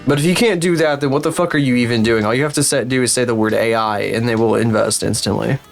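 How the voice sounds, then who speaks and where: A man with the flu chats loosely on his livestream, swearing often and ranting in disbelief. His voice sits in an ordinary middle pitch. Faint music plays underneath. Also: fast, vocal fry. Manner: profane, rambling, incredulous rants. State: sick with flu. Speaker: streamer. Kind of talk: casual livestream chat.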